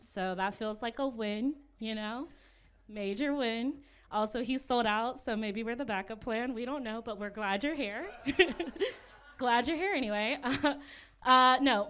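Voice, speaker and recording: Bright-voiced self-deprecating comedienne. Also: female voice, on the high side, smooth. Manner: awkward, self-deprecating delivery with nervous laughs. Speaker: stand-up comedian. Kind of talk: stand-up comedy set.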